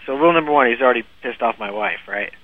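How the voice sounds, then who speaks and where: A man's voice: mid-range voice, expressive, very fast, no room sound. A man telling a long funny story in casual podcast chat, laughing often and restarting his sentences. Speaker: guest storyteller. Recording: phone-like lo-fi, dry.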